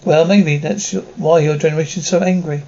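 A man's voice: fairly high pitch, fairly even intonation, moderate pace, warm tone, muffled recording, close to an everyday voice. An actor playing a wisecracking middle-aged father in a sitcom, with a sarcastic, joking manner. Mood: wry. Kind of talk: sitcom acting.

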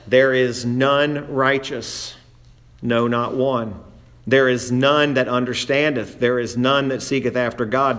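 Emphatic man preaching a sermon. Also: mid-range voice. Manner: emphatic, slows down to stress key phrases; quotes scripture in old-fashioned wording. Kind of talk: expository sermon.

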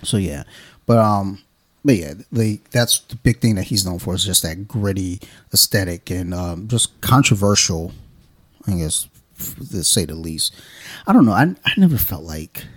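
A man with a lowish voice hosts a casual podcast, rambling along with plenty of "you know"s and cheerful swearing. He sounds close and dry on the mic, with no room around him. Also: moderate pace, no room sound. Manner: rambling, profane and joking, many fillers. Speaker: podcast host. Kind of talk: casual chat.

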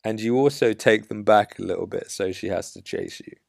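A dating coach hosting a podcast gives blunt dating advice in a low, gravelly voice, unhurried and assertive with coach-like emphasis. The recording is dry and close, with no room echo.

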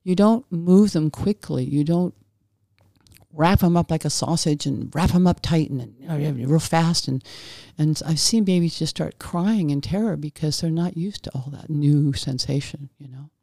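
Gravelly, mellow-voiced woman telling stories. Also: sits low, normal speed, no echo, clean studio sound. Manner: meandering, frequent restarts and self-corrections; gentle, folksy and reassuring. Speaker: podcast host and former midwife. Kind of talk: casual podcast monologue with anecdotes.

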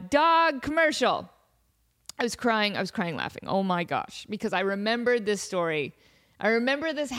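A woman hosting a podcast, chatting casually as she tells a funny story. Her voice sits a little high, and she breaks into giggles between lines. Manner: giggly, animated, laughs often mid-sentence. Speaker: podcast host.

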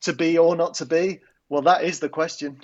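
A man co-hosting a football podcast, chatting casually with frequent restarts and reciting a rhyming recap with lively verse delivery. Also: on the high side, moderate pace, noisy background. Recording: dull lo-fi remote audio.

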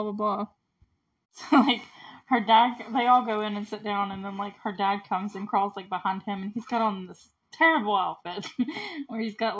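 A woman's voice: mid-range voice, rough recording. A woman hosting a casual movie recap, chatty and giggly, filling her talk with "like". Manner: chatty, giggly, heavy use of "like".

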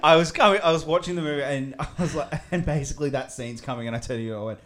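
A man co-hosting a casual movie review podcast, wry and quick to laugh. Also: a little high, a bit bright, a little hiss or hum. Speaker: podcast co-host.

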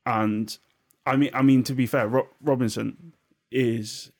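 A man's voice: medium pitch, fairly even intonation, a little slow. Young man, casual and sweary. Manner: restarts often, swears, thinks out loud. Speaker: podcast co-host. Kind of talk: casual football chat.

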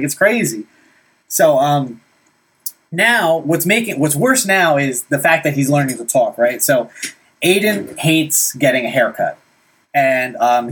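A man's voice: on the high side, fairly bright tone, breathy edge. A young man telling a story about his son in casual, rambling talk, full of "like" and "right?". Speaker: vlogger dad.

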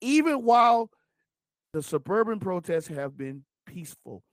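A man's voice: sits high, sing-song, a little slow, no echo. A man hosting a political podcast, speaking straight to his listeners as folks. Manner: addresses listeners directly as folks. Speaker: podcast host.

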